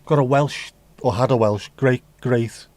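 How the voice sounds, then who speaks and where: A man from England hosts a livestream at a measured pace, his mid-range voice slightly mellow with fairly even intonation. He reads out viewer comments in casual chat, peppered with rambling jokes and free swearing. The recording is dry.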